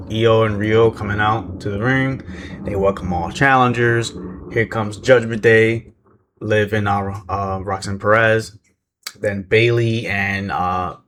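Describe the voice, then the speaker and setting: A man with a slightly low voice talks through a recap in a loose, rambling way. He fills gaps with "uh" and "um", chuckles often and pokes fun at himself. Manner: rambling, self-deprecating, many fillers and chuckles. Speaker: wrestling recap vlogger. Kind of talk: casual recap commentary.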